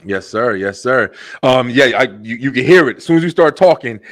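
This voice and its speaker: A man with a New Jersey accent hosting a web show over a video call, talking fast and excitably with lots of slang and fillers. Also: medium pitch, no echo. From Elizabeth, New Jersey. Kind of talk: casual interview chat.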